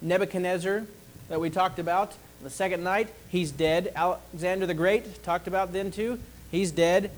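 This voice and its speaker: A man preaching a sermon, slow and deliberate, pausing to ask the congregation for an amen. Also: high-pitched, steady tone, a little hiss or hum, poor audio.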